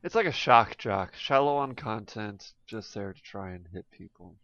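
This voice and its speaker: A man co-hosting a casual gaming podcast, animated and jokey, full of quick asides. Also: on the low side, no room sound, muffled recording. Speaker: podcast co-host. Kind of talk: casual chat.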